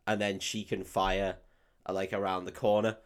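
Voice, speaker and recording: A man's voice: low voice, flat delivery, moderate pace. Guy ranting about a movie, lots of swearing and laughing. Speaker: podcast co-host. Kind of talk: casual film-recap chat.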